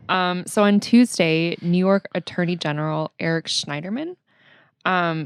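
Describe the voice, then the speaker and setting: Low-voiced woman co-hosting a podcast. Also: clear, resonant tone, no room sound, clean studio sound. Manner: conversational, frequent "um" fillers. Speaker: podcast co-host. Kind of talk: casual news recap chat.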